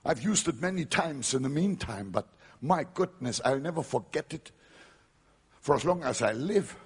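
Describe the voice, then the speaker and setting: A man preaching a revival sermon, dramatic and emphatic, building to shouted climaxes. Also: on the high side, animated, moderate pace, slightly rough.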